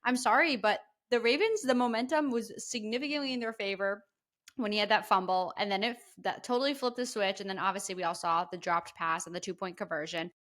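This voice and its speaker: Animated female sports podcast co-host. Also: mid-range voice, a little fast. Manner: apologetic then emphatic game analysis. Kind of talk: casual sports chat.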